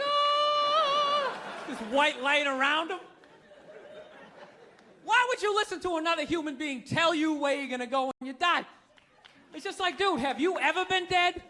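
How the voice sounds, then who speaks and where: A man's voice: very high voice, animated, moderate pace, sharp tone, a faint crowd, slight background noise. A man doing a profane, incredulous stand-up rant on a stage, with the audience laughing in the background. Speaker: stand-up comedian. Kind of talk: stand-up comedy set. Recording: live stage set with audience.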